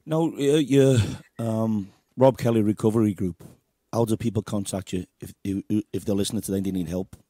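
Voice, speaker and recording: A man hosting a radio interview, relaxed and affirming his guest. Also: lowish voice, moderate pace. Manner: relaxed, affirming with short yeahs. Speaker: radio host. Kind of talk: casual interview.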